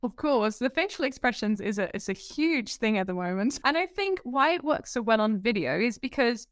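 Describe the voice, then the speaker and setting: A woman presentation coach being interviewed over a video call, talking in an animated, emphatic way and acting out the people she quotes. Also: on the high side, moderate pace, no room sound, studio quality. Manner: expressive, emphatic, acts out quotes. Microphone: video call setup.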